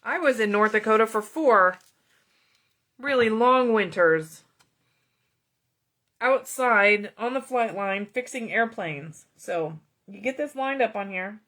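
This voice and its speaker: A woman's voice: on the high side, slow pace, long pauses, fairly bright tone. A middle-aged woman hosting a card-making tutorial, chatting casually with viewers and greeting commenters by name as she works. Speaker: card-making video host.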